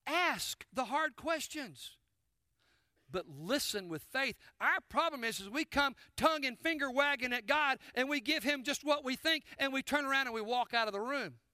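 A man's voice: very high-pitched, animated, moderate pace, bright, forceful tone, no echo, clean studio sound. A male pastor preaching a sermon, asking the congregation rhetorical questions and addressing them directly.

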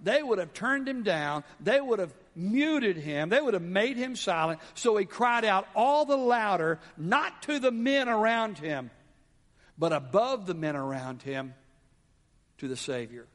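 A male pastor preaching a sermon with dramatic swings between hushed low drops and raised exclamations. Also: lively intonation, measured pace. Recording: long hall reverb.

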